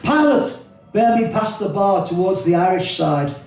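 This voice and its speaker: Older Scouse poet in an echoey hall. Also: male voice, high voice, animated, measured pace, darkish tone, far from the mic, soft background music. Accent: Liverpool. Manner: rhythmic, wry delivery with spoken asides. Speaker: poet performing his own work. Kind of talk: live rhyming poetry recital.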